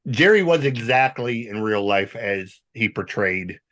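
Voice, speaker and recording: A man hosting a podcast, telling stories in a rambling, animated, casual way. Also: lowish voice, unhurried. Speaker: podcast host. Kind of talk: casual storytelling chat.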